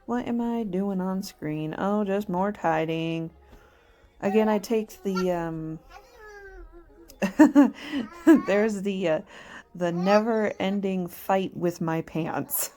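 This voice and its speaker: A woman's voice: medium pitch, extremely slow, pauses often, dark tone. A woman in her thirties, a mother chatting casually over her video, rambling and laughing often at herself. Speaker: mother vlogger.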